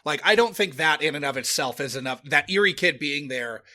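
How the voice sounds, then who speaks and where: A man's voice: on the high side, animated, a little fast, bright, forceful tone. A man co-hosting a podcast in a casual movie chat, loose and filler-heavy with the odd swear. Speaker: podcast co-host.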